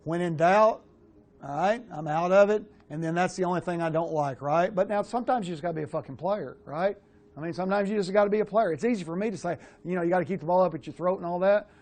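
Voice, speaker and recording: Man, quarterback coach, middle-aged, slightly high voice, blunt, animated, casual swearing, film breakdown. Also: fast.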